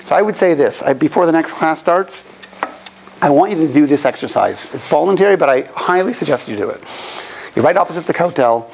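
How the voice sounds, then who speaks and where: Animated man telling a story in class. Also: on the high side, a little fast, creaky, slight background noise, low-quality recording. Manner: animated storyteller, acts out quoted voices. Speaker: rabbi teaching a class. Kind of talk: storytelling lecture. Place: classroom opposite the Western Wall.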